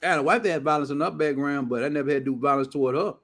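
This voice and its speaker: A man hosting his own show, ranting casually in a loud, blunt, profane way with heavy slang. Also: on the high side, fairly even intonation, racing. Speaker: show host.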